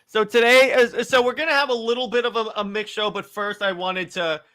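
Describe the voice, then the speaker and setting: A man hosting a casual podcast chat, brisk and teasing, often stumbling into restarts. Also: high voice, fairly even intonation, bright, forceful tone. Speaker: host.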